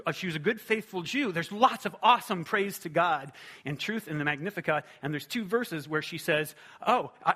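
A man preaching a sermon in a conversational, animated way, often asking rhetorical questions. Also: high-pitched. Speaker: pastor.

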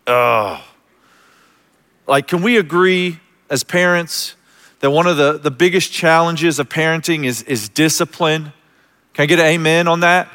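Pastor, male, easygoing storyteller with humor, slightly high voice, big reverberant church sound. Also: a little slow, a bit bright. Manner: conversational, self-deprecating humor with audience call-outs. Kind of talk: storytelling sermon. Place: church sanctuary before a congregation. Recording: long reverb of a large hall.

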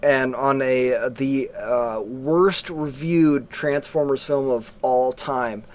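A man co-hosting a casual movie review chat, animated and mocking, acting out quotes from the film. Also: medium pitch, slow. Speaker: podcast co-host.

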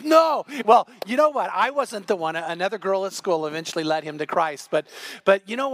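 A middle-aged man preaching a sermon, his voice pitched unusually high for a man. He tells personal stories and acts out the voices in them. The sound is dry and close. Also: a bit bright, no room sound. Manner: storytelling, acts out quoted voices. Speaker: pastor.

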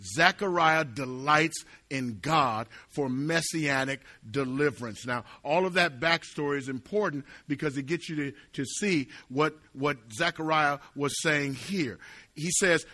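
A middle-aged man preaching a sermon as pastor, dramatic, swinging from quiet asides and jokes to loud, emphatic preaching. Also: fairly high pitch, a little slow.

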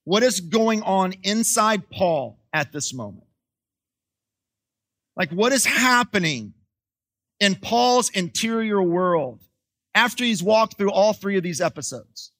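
Casual preacher, male, high-pitched, talks through a Bible passage like he's chatting. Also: lively intonation, slow, pauses often, fairly bright tone. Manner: casual storytelling, frequent restarts and fillers. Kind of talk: sermon.

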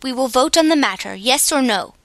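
A man's voice: very high voice, expressive, a little fast, gravelly, a bit bright, no echo, full character voice. A woman voicing an abrupt, impatient male gnome king calling for a vote.

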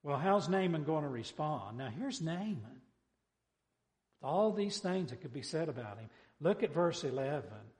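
A man preaching a sermon, emphatic, quizzing his listeners and dropping low on each amen. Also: very animated, moderate pace, a little mellow. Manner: emphatic, asks the congregation questions, drops low on amens. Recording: long hall reverb.

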